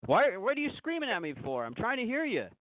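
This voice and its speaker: A man with a high voice calls into a radio show over the phone. He repeats himself insistently and keeps asking not to be interrupted. The line is tinny and dry. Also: wildly swooping pitch, fast talker, no echo. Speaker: caller. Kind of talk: call-in phone conversation.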